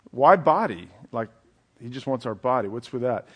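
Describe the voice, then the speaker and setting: A man's voice: mid-range voice, animated, normal speed, fairly bright tone, breathy edge. A man preaching a conversational Bible teaching, checking in with his listeners with a frequent "okay?". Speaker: pastor. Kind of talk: sermon.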